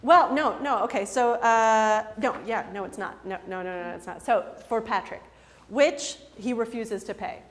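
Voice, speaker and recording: A woman's voice: a little high, moderate pace, hardly any pauses. A woman in her twenties telling a personal story to an audience, chatty and self-deprecating, laughing often between many fillers. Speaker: storyteller and improv performer. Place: lecture hall. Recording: long hall reverb.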